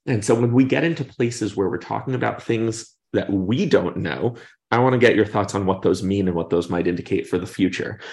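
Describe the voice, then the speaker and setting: Low gravelly man recapping a book. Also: a little fast, darkish tone. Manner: thoughtful, retells the story at length in his own words. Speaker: podcast host. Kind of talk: casual book discussion and chapter recap.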